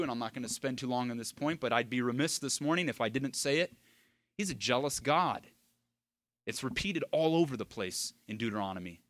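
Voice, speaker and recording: Emphatic male preacher, lively pitch. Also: no echo. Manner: emphatic preaching, swings from hushed to loud. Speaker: pastor. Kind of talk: sermon.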